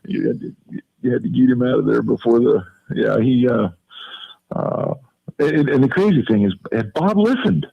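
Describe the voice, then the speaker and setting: Gravelly halting former player. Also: male voice, medium pitch, no echo, highs cut off. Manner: halting, repeats words, many fillers. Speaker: former football player and radio co-host. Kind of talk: casual reminiscing on radio.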